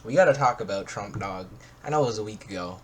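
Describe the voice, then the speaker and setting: A man's voice: on the low side, lively intonation, quick pace, a little hiss or hum. A young man co-hosting a casual podcast, loose and profane, full of "bro" and "like.". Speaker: podcast co-host. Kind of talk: casual chat.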